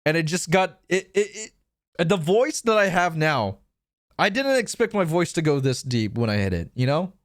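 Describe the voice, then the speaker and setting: A man's voice: fairly high pitch, sing-song, normal speed, no echo, studio quality. A young man chatting casually on a stream, rambling and swearing as he tells stories about himself. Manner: rambling, swearing, self-mocking.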